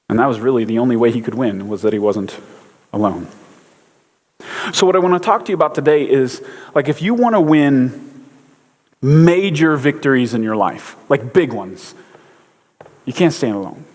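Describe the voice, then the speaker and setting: A man's voice: medium pitch, animated, normal speed, long pauses, darkish tone. A man giving a casual sermon, a chatty, joking storyteller with lots of fillers. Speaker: pastor. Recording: long hall reverb.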